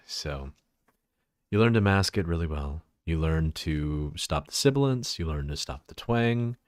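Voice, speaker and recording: Man, deep voice, Texan accent, casual livestream chat, lively swings in pitch, dry close sound. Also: takes it slowly, long pauses, no echo. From Texas. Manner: rambling and giggly, trailing off into asides.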